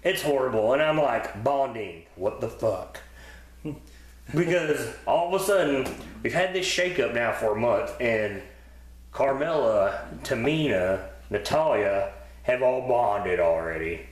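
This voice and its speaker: A man's voice: medium pitch, lively intonation, measured pace. A man co-hosting a podcast, chatting casually about wrestling episodes in a rambling, profane way with many fillers. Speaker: podcast co-host. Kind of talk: casual wrestling review chat. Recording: roomy echo.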